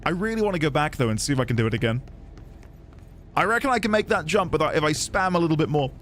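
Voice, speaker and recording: A British man streaming a game, talking to his viewers in an animated, self-mocking way. His voice sits a touch high and leaps around in pitch. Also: fast talker, slight background noise. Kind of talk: gaming commentary.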